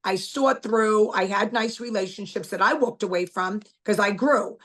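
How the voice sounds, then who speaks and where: A woman's voice: medium pitch, normal speed, fairly bright tone. A middle-aged woman, a guest and author, talking bluntly and emphatically in a casual interview, repeating her points.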